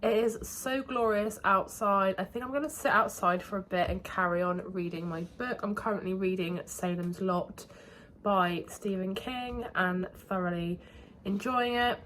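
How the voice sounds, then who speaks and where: A young woman vlogging casually about her day, chatty and relaxed, her voice hoarse as she is losing it. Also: mid-range voice, moderate pace, slight background noise. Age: young adult. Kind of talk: casual vlog chat.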